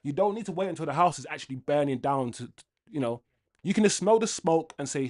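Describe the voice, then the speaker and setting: A man's voice: on the high side, quick pace. A young man hosts a fan livestream and rants angrily to his chat in a casual way. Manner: angry, ranting, lively with laughs.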